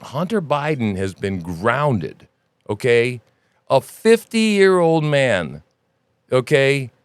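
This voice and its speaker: A man hosting a news commentary podcast, ranting in an animated, sarcastic and profane way. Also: medium pitch, takes it slowly, clear, resonant tone, no echo. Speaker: podcast host.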